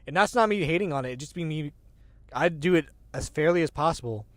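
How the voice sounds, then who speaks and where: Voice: medium pitch, lively intonation, brisk, dry recording. Agender streamer with a mid-range voice, laughing. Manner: rambling, laughs often, swears casually; self-deprecating, restarts sentences. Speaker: streamer, show host. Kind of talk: casual livestream chat.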